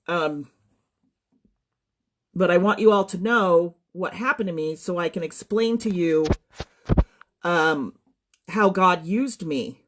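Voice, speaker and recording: A woman giving a personal testimony straight to her viewers. She is shaken and fights to keep her composure, with many pauses and ums. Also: on the low side. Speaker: social media storyteller.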